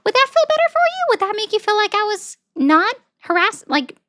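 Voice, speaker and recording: A woman voicing an exaggerated, squeaky, childlike cartoon voice, sing-song and over-explaining. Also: very animated, fairly quick, fairly bright tone, dry recording, studio quality, heavily acted. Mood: mock-patient.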